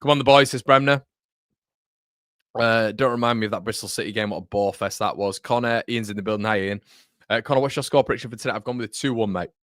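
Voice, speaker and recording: Low-voiced man chatting on a dry mic. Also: fast, a bit bright, no room sound. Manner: rambling, self-correcting, addresses viewers as mate. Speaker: fan channel host. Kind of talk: casual livestream chat, reading viewer comments.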